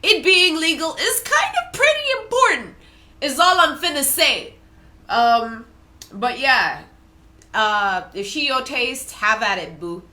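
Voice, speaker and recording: A woman in casual commentary, reading chat screenshots aloud with animated, slangy asides and laughs. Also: high voice, slow pace. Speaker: commentary vlogger.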